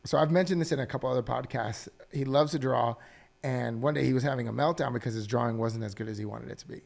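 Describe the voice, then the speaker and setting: A man's voice: mid-range voice, fast, vocal fry. A man hosting a podcast, chatting casually, who tells stories with energy and acts out the voices in them. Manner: animated storyteller, acts out quotes. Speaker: podcast host.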